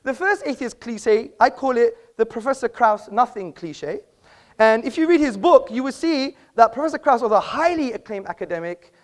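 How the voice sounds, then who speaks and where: A man's voice: very high voice, lively intonation, normal speed. A man speaking as a debater in a live public debate, making emphatic, rhetorical points to an audience in an auditorium.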